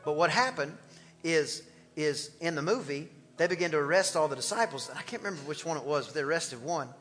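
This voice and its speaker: Animated male preacher in a church. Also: fairly high pitch, brisk, long reverb tail, faint music behind. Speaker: pastor. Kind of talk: sermon.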